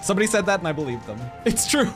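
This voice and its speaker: A man's voice: high-pitched, very animated, racing, over music. A man live-streaming a game, chatting to his viewers in a giggly, rambling way. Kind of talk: casual live-stream chat while gaming.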